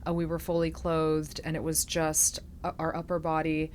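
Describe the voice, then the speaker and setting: A reflective woman host speaks softly in a somewhat low voice, opening up in an intimate conversation. A faint hiss sits under her voice. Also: completely flat delivery, moderate pace. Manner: reflective, soft-spoken, emotional at times. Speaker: podcast host.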